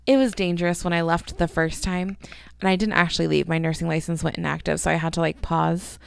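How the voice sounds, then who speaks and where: A woman's voice: lowish voice, vocal fry, clean tone, no echo, clean studio sound. A woman in her thirties hosting a casual solo podcast, rambling and chatty, swearing freely. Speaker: podcast host.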